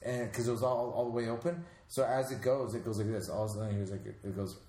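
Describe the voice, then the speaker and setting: A man's voice: medium pitch, quick pace. Casual male storyteller, swears, echoey room. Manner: swears, animated retelling with laughs. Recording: echoey room with faint noise.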